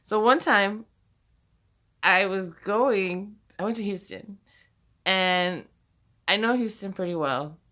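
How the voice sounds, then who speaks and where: A woman tells a personal story in a loose, rambling way. She swears freely and laughs often. Her voice is bright and forward. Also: mid-range voice, slow pace, long pauses. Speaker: vlogger telling a personal story. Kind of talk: casual storytelling.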